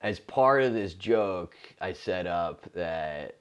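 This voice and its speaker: Low-voiced man telling a comedy story. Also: animated, takes it slowly, clear, resonant tone. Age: 40s. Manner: loose, profane, rambling with many restarts. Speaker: comedian and podcast host. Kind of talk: casual storytelling monologue.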